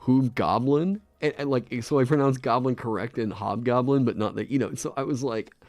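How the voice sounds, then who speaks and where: A man's voice: mid-range voice, fairly quick, darkish tone, dry recording. A man chatting casually on a live stream into a desk microphone. He rambles, laughs often and swears freely. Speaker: streamer designing a game class.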